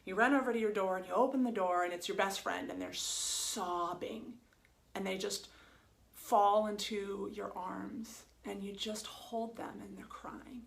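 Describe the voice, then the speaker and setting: Woman, middle-aged, psychotherapist, gentle reflective talk, slow and soothing, gravelly fry. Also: mid-range voice, steady tone. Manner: soft, slow and soothing, with many pauses. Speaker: holistic psychotherapist.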